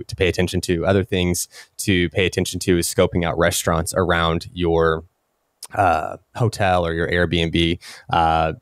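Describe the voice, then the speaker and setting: Deep-voiced guy on a podcast, rambly, lots of ums, dry close mic. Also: dry recording. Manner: rambling, many fillers and restarts. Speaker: podcast co-host. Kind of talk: casual podcast chat.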